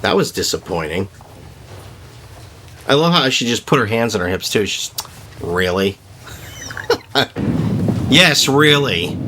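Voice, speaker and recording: Bright-voiced man ranting casually. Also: fairly low pitch, slight background noise. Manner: rambling, opinionated, joking rants. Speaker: gaming video host. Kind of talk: casual gameplay commentary.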